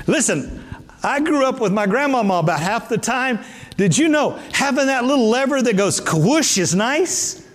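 Animated high-voiced male preacher in a hall. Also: moderate pace. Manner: emphatic, repetitive preaching with sudden pitch jumps. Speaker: bishop preaching. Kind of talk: sermon.

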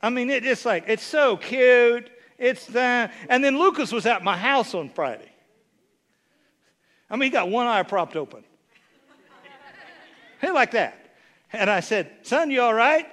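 Delivering a sermon, a bishop with a high, bright, ringing drawl speaks a little slowly with lively intonation and frequent pauses. He wanders through humorous, folksy stories, then hammers his points in loud, rising bursts.

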